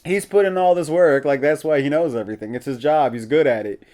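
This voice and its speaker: A man's voice: on the high side, fairly quick, darkish tone. A man hosting a podcast, casually recapping an episode in a chatty, opinionated way and laughing often. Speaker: podcast host.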